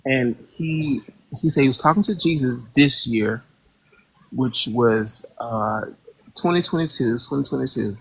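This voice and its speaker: A caller on a casual call-in show who speaks at a medium pitch. They talk hesitantly, leaning on fillers and searching for words. They turn animated when something strikes them as absurd. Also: a little slow, gravelly, breathy edge, dry recording.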